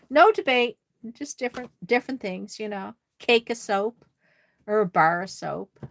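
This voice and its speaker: A woman's voice: mid-range voice, expressive, moderate pace, creaky, fairly bright tone. A woman with a Nova Scotian accent hosting a casual craft livestream, chatting with viewers and laughing often. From Nova Scotia, Canada. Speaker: doll-crafting livestream host. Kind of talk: casual livestream chat, reading viewer comments.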